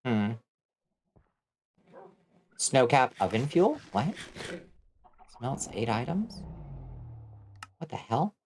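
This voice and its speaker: A woman's voice: very deep voice, big pitch swings, extremely slow, pauses often, a little mellow, a little hiss or hum. An American woman streaming a game, giving casual commentary as she thinks aloud, bemused and swearing freely. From United States. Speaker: vtuber streamer.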